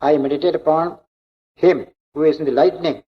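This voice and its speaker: A man voicing an earnest ancient sage, speaking slowly. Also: fairly high pitch, fairly even intonation, big-room sound, lightly acted. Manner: slow, measured. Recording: dull lo-fi recording.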